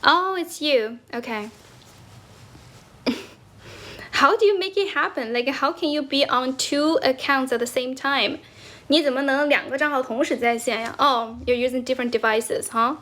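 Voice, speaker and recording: Chatty young woman livestreaming, higher voice. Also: steady tone, normal speed, bright, forceful tone. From China. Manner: chatty, laughs often, thanks viewers for gifts. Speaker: livestream host. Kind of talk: casual livestream chat, mixing English and Chinese. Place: indoors, squatting while streaming.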